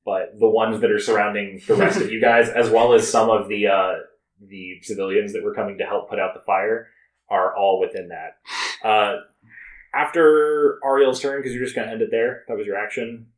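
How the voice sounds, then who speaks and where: A man narrating as game master in a relaxed, chatty way, with filler words. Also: lowish voice, moderate pace. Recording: echoey room.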